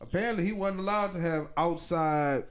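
A man's voice: sits high, moderate pace. A man telling a long story in casual podcast chat, acting out the people in it with heavy slang. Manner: animated storyteller, acts out quotes, heavy slang. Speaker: podcast co-host.

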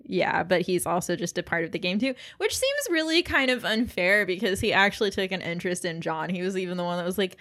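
A woman co-hosts a podcast in easygoing chat, her voice sitting a little low for a woman. She laughs often as she talks and fills her sentences with lots of little fillers. She sounds relaxed and conversational. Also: fast, few pauses. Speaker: podcast co-host.

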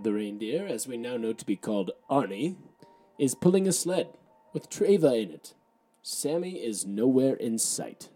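A man co-hosting a podcast, describing a storybook's pictures one by one in a deadpan, matter-of-fact way. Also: medium pitch, moderate pace, slightly rough, soft background music. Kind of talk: picture-by-picture commentary.

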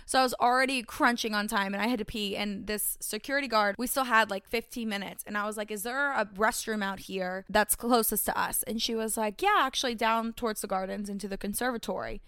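A young woman co-hosting a podcast, telling a story in animated casual chat, swearing and acting out the voices of others. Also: medium pitch, fairly quick, few pauses, clear, resonant tone, no room sound, studio quality. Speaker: podcast co-host.

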